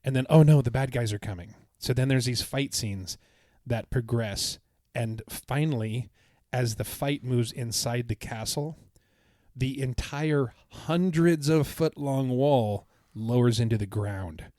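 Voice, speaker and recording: A man's voice: medium pitch, slow pace, darkish tone, dry recording, studio quality. A man co-hosting a podcast, telling a long, enthusiastic travel story in a casual, rambling way with many restarts. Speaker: podcast co-host. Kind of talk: casual chat.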